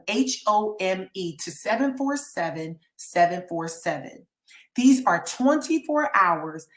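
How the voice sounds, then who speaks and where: A woman's voice: medium pitch, a bit bright, echoey room. A woman counselor, talking earnestly to viewers on a live stream and pleading with them to get help. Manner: earnest and pleading, reads out names from chat.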